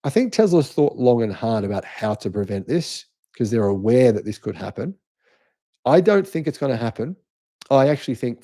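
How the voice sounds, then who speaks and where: A middle-aged Australian man hosts a live stream, working through comments from his viewers. His voice is dark, mellow and fairly low. He is emphatic and insistent, pushing his points hard and frequently starting his sentences over.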